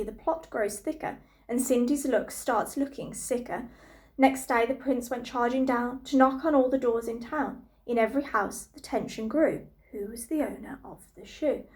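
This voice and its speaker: A woman reading a rhyming storybook aloud to children with a lively, rhythmic delivery. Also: high voice.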